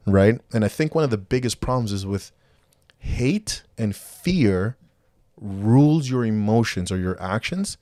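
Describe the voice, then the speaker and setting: A man's voice: fairly low pitch, expressive, unhurried, mellow, no echo. A man co-hosting a casual podcast, rambling with many restarts and acting out quoted dialogue. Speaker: podcast co-host.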